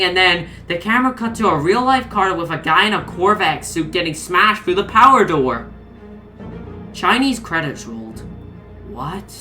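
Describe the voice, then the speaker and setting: A woman's voice: mid-range voice, bright, forceful tone. A woman narrating a comedic horror story, exasperated and swearing heavily. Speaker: creepypasta reader.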